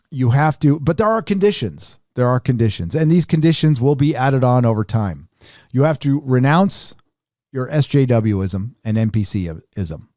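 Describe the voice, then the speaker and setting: A man's voice: mid-range voice, dark tone, dry recording, studio quality. A middle-aged man hosting a casual commentary show, talking in a sarcastic, mocking way. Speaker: host.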